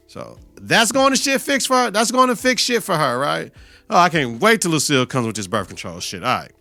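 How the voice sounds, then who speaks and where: Male podcast host, profane and animated, bright forceful voice, dry close mic. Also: mid-range voice, a little fast, vocal fry, no room sound, faint music behind. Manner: profane, animated retelling with laughter and mock outrage. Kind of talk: episode reaction podcast.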